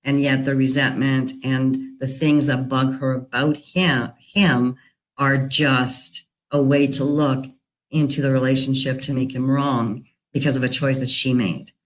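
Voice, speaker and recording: A woman working as a divorce recovery coach talks through a personal story in an earnest, unhurried way. Her delivery is conversational and reflective, with plenty of "you know" fillers. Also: very deep voice, little pitch movement, rough recording.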